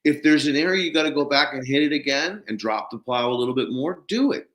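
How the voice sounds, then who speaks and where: A man's voice: mid-range voice, expressive, fast, fairly bright tone, roomy sound. A man hosting a podcast, telling a farming story with energy and acting out both sides of the conversation. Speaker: podcast host.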